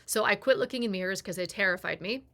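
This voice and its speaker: A woman in her forties speaks in a bright, clear-edged voice with a middle pitch. She tells a personal story candidly and confessionally, slipping into the voices of the people in it as she goes. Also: fast talker. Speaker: personal growth creator.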